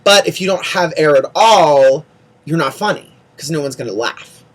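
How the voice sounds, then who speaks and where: A casual vlogger talking through a show recap at an ordinary middle pitch. The delivery swings between gushing praise and exasperated ranting, with lots of "like" and rapid repeated words. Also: animated. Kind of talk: casual chatty recap monologue.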